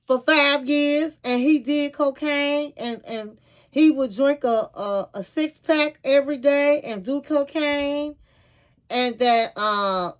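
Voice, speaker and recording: A woman casually recapping a reality show and giving frank advice, calling her viewers honey and queens. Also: high-pitched. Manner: chatty, retells scenes with quoted dialogue.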